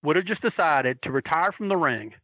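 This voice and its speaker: Guy telling stories, animated, swears a lot, high-ish bright voice, kinda dull lo-fi sound. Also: fairly quick, no room sound. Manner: animated, profane, acts out quoted voices. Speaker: storyteller recalling wrestling fan days. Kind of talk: casual storytelling.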